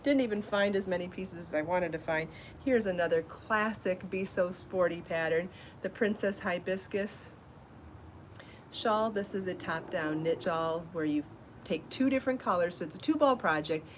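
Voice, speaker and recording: A woman's voice: fairly low pitch, moderate pace, a little hiss or hum. Breathless, chatty woman host. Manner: chatty and enthusiastic, laughs at herself. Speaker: podcast host showing her yarn designs. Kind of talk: casual live show chat.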